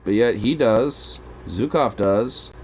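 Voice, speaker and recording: Man, low and slow, murmuring fond pet talk. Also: darkish tone, a little hiss or hum, low-quality recording. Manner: cooing, doting, drawn-out murmurs.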